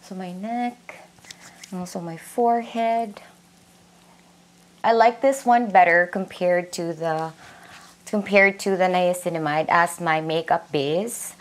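A woman's voice: fairly low pitch, slow pace, pauses often. A young Filipino woman with a Cebuano accent, chatting casually at home about her skincare and mixing Cebuano words into her English. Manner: chatty, mixes Cebuano into English, many fillers and "like". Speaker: beauty vlogger. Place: indoors at home.

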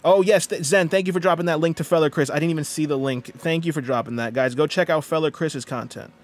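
A man's voice: fairly high pitch, fast. A man streaming a video game live, chatting casually and reading out viewer messages. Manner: chatty, greets viewers and reads chat aloud.

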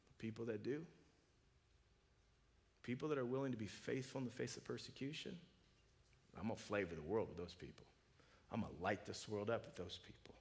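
A man preaching a sermon in a church, talking casually with restarts, then swelling from quiet low asides to loud, high, urgent peaks. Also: brisk, pauses often. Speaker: pastor. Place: church sanctuary.

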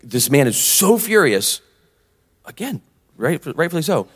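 A man telling a story on a live podcast, his pitch rising and falling all through. His voice carries a long, echoing reverb from a convention hall. He acts out both sides of every exchange he recounts. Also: sing-song, measured pace, slightly rough. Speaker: podcast co-host.

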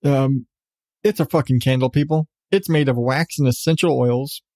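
A man's voice: mid-range voice, moderate pace, dark tone, no room sound. A man hosting a podcast, ranting sarcastically about odd news with lots of swearing and laughs. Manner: profane, sarcastic, laughing often. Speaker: podcast host. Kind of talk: casual comedic news rant.

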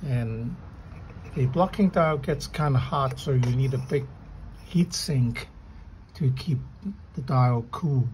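A man giving an unhurried, casual show-and-tell narration of his setup in a garage and yard, with pauses and fillers. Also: mid-range voice, a little mellow, slight background noise. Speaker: DIY video maker. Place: garage and yard, partly outdoors.

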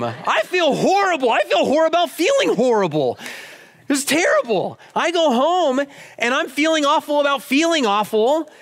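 Guy preaching, tells a story and does all the voices, voice kinda high, goes way up and down. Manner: animated storytelling, acts out both sides of conversations. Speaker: pastor. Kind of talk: sermon with personal story. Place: church auditorium.

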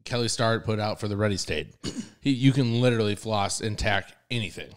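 A man's voice: on the low side, brisk. A man hosting a casual podcast, asking follow-up questions in a laid-back way. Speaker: podcast host.

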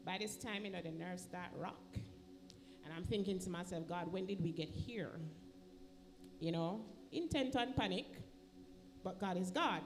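A woman's voice: fairly low pitch, measured pace, long pauses, over music. A woman with a Jamaican accent giving an emotional personal testimony in church, acting out the voices of the people in her story. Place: church sanctuary.

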